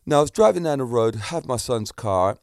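Animated middle-aged man telling a story. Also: mid-range voice, brisk, dry recording, clean studio sound. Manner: animated, acts out voices in his stories. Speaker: kickboxing instructor. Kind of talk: casual storytelling to camera.

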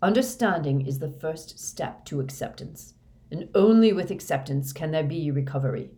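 A woman voicing an ancient male wizard headmaster who speaks in a measured, curt, authoritative way. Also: low-pitched, expressive, mellow. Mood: cold command.

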